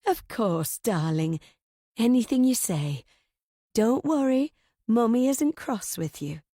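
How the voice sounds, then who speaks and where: An older aunt with a soft, cooing, motherly way of talking, as a woman reads her. The voice is mellow and warm, recorded close and dry. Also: on the high side, animated, slow, no echo.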